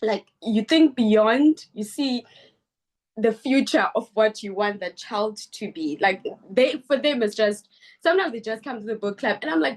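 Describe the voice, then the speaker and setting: Earnest woman with halting restarts. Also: a little high, lively intonation. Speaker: book club founder speaking at a webinar. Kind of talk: online meeting talk. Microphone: video call.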